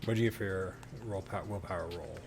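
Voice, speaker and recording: Deep-voiced game master. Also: male voice, fast, noisy background. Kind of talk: narrating a tabletop game.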